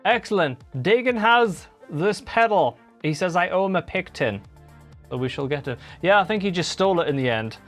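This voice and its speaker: A man's voice: sits high, expressive, moderate pace, fairly bright tone. Chatty man with guitar behind him. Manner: chatty, rambling, answers chat messages. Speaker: livestream host and guitarist. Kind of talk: casual livestream chat.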